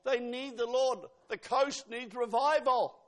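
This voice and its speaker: A man's voice: very high voice, steady tone, takes it slowly. A man preaching a sermon, emphatic, quoting scripture and asking the congregation questions.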